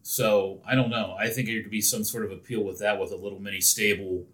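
A man's voice: lowish voice, level tone, a little fast, fairly bright tone. An opinionated man co-hosting a casual podcast, often restarting his sentences. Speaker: podcast co-host. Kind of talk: casual chat.

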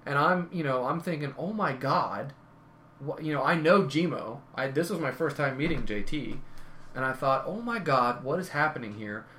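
A man's voice: a little high, lively intonation, moderate pace, bright, forceful tone, a little hiss or hum. A man telling rambling wrestling stories in casual conversation, often correcting himself. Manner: rambling, self-correcting anecdotes. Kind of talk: casual storytelling.

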